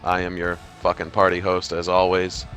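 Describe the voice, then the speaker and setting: Low-voiced man hosting a profane podcast chat. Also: monotone, moderate pace, a bit bright, soft background music. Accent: Boston, mostly hidden. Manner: loose, profane, laughs often. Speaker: podcast host. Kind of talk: casual chat.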